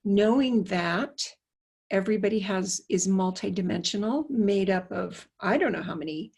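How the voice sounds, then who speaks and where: A woman's voice: mid-range voice, normal speed, gravelly, slightly rough. A woman hosting a casual conversation who muses aloud and speaks asides to her listeners. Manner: chatty, warm asides to listeners, musing. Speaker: host.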